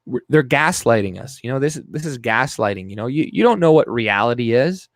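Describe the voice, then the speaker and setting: A man's voice: mid-range voice, expressive, brisk, dry recording, studio quality. A young man hosting a live stream, ranting profanely and reading his chat aloud. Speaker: livestream host. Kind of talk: casual live-stream commentary.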